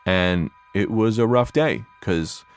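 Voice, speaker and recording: A man's voice: lowish voice, slow pace, clean tone, faint music behind. A young man from New Jersey telling a candid personal story, rambling with fillers and acting out what people said. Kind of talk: personal story told to a podcast.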